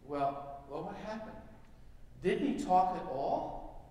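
A man's voice: sits high, sing-song, slow pace, dark tone, pitched above the performer's own voice, heavily acted. Figure: patient pet store manager played by a man. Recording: echoey hall. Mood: reassuring. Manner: patient, reassuring salesman. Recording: echoey hall, mic far off.

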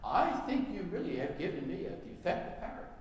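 An exasperated young woman voiced by a man keeps insisting her parrot is defective, her voice pushed higher. The sound comes from far off in a big echoing hall with a long reverb tail. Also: very animated, fairly quick, a little hiss or hum. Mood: complaining. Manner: exasperated complaining. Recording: echoey hall, mic far off.

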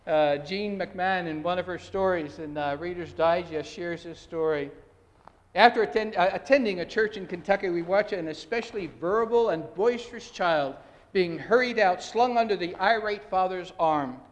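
In a church sanctuary, a pastor with a high voice preaches at a moderate pace, earnest and emphatic, often starting his sentences over. The hall's long reverb trails after his words.

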